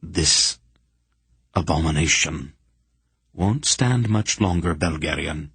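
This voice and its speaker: A man's voice: rumbling low, lively intonation, slow pace, vocal fry, slightly rough, dry recording, full character voice. A man reading an audiobook, voicing an unseen spirit that speaks sharply and with authority inside another's mind. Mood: assuring. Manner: sharp, assured.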